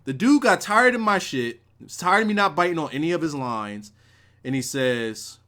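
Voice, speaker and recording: A man with a slightly high voice that swings all over the place tells a rambling, profane story to his live chat. He talks loose and casual, swears freely and chats back at viewers between his wrestling show reviews. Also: animated, moderate pace, fairly bright tone.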